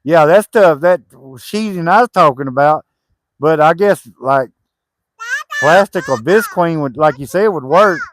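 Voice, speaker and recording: While working on his homestead cabin, an easygoing man makes casual conversation, laughing readily and calling out to his dogs. He has a fairly high pitch with lively intonation and an unhurried pace. The sound is studio quality with no echo.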